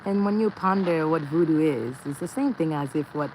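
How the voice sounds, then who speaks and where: A woman with a lowish voice talks to her viewers in an earnest, meandering way, circling back over her own phrases. She sounds like someone musing out loud on a livestream. Faint traffic hums behind her. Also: moderate pace, poor audio. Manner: earnest, drifting, repeats phrases. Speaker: livestreamer reading viewer comments. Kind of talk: rambling spiritual musing.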